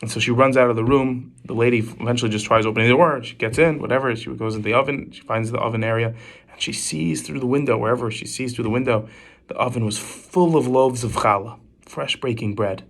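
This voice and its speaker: Fast-talking man telling Torah stories. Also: mid-range voice. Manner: quick, animated storytelling with frequent restarts. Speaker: rabbi giving a Torah class. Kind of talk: storytelling Torah talk.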